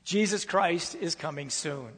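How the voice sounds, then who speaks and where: A man's voice: on the high side, unhurried, breathy edge, long reverb tail. A man preaching a sermon, reading scripture aloud with emphatic, repetitive phrasing.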